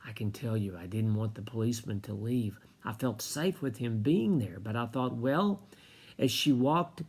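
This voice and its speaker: A man from the United States telling a personal story slowly and with feeling, often dropping to a whisper. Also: medium pitch, darkish tone, breathy edge.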